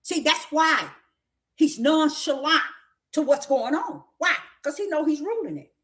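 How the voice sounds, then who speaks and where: Woman preacher, high and lively voice, folksy, emphatic, questioning the congregation. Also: a little slow. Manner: emphatic, repetitive, questioning the listeners; folksy, with breaks into laughter. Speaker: prophetess preaching. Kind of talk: sermon.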